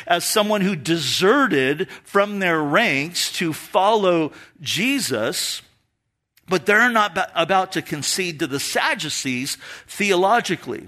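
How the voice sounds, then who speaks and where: A man's voice: sits high, pushed and bright. A man preaching an expository sermon as a pastor, explaining scripture in a conversational way with asides to the congregation.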